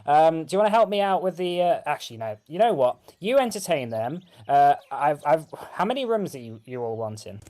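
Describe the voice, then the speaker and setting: Male GM doing a fussy, bossy halfling innkeeper mum, pitched up high, quick and scolding. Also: sing-song, a little mellow. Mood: brisk. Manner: brisk and scolding. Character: busy bossy middle-aged halfling mother.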